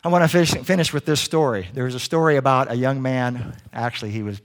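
A man preaching a sermon, telling a story in an animated way. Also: medium pitch, fast talker. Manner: animated storyteller doing voices.

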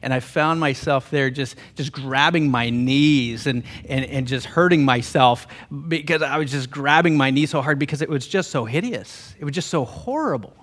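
Bright-voiced emotional male preacher. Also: medium pitch, normal speed, few pauses. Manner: emotional, repeats words in restarts. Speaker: pastor and theologian. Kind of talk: storytelling sermon.

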